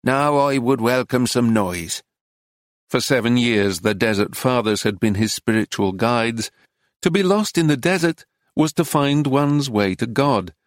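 A man narrating a memoir as an audiobook in a calm, even, literary storytelling manner. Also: mid-range voice, dry recording, clean studio sound.

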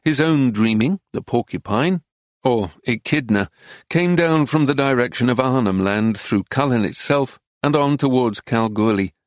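Measured male audiobook narrator, dry sound. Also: mid-range voice, dry recording. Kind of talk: scripted narration.

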